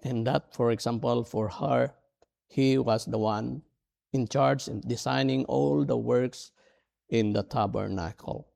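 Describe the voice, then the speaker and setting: Slow, gravelly middle-aged pastor preaching. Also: male voice, medium pitch, fairly even intonation, a little mellow. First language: not English. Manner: earnest, halting, self-deprecating. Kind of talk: sermon.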